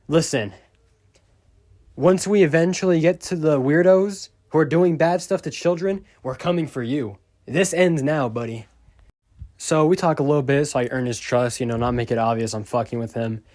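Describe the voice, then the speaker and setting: A man talks over his screen recording in an unpolished, rambling storytime voice. His pitch sits in the ordinary middle range for a man. He sounds exasperated and swears freely as he rants. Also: normal speed, a little mellow. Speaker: YouTuber. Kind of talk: casual storytime rant.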